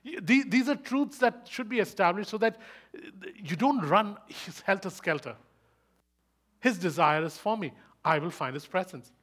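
A man preaches to a live congregation in a voice that sits a little high for a man. He tells stories with lively humour and laughs often. He repeats his key lines for emphasis. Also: moderate pace, slightly rough. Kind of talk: sermon with personal anecdote.

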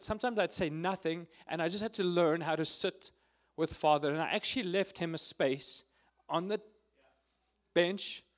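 A fairly high-voiced man speaks earnestly to a prayer gathering, telling his story in an informal, heartfelt way. He sounds close to tears at times and fills his pauses with hesitations. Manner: earnest, emotional, with frequent fillers. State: tearful at times.

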